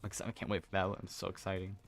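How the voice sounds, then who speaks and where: A man's voice: low voice, monotone, fast, vocal fry. A young man chatting casually while playing a game, rambling and correcting himself as he tells stories. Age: young adult. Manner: rambling, self-correcting, chuckling storyteller. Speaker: gaming streamer. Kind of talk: casual chat while gaming.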